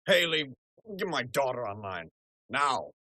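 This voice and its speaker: Performing in a school play by video call, a young actor takes on a rich, forgetful old father, gruff and doting. His mid-range voice is sing-song and sharp at a measured pace as he blusters and stammers, snapping and then cooing.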